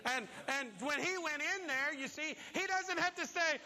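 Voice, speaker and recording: High, bright-voiced preacher in a big hall. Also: male voice, moderate pace, few pauses. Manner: animated storytelling, acts out voices. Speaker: pastor. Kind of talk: sermon. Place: church. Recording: long reverb of a large hall.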